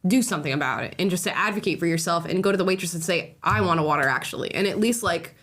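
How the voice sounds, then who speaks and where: A woman co-hosting a casual reaction podcast, talking in an animated, opinionated way and laughing easily. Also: on the low side, quick pace. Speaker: podcast co-host.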